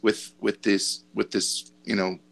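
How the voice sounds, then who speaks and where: Low-voiced man riffing on a podcast panel. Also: level tone, a little slow, gravelly, low-quality recording. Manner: repeats words while finding his point. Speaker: podcast co-host. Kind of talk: casual panel chat.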